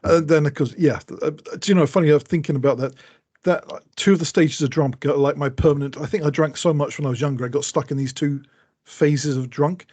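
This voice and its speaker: A man's voice: on the high side, steady tone, a little fast, a little mellow, breathy edge. A man co-hosting a casual podcast who rambles, mocks himself and laughs mid-sentence. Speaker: podcast co-host. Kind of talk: casual chat.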